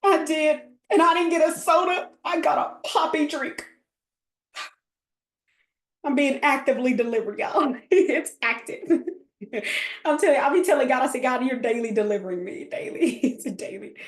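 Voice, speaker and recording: A woman's voice: high voice, normal speed, long pauses, echoey room. A woman, chatting casually as a coach, goofy and full of laughter. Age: 30s. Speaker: host and coach. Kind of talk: casual livestream chat.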